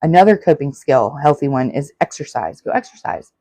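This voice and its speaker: A woman's voice: low voice, very animated, a little fast, warm tone, dry recording. A woman in her forties hosting a solo self-help podcast, talking earnestly and repeating her advice. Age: 40s. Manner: earnest, repetitive, advice-giving. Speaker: podcast host.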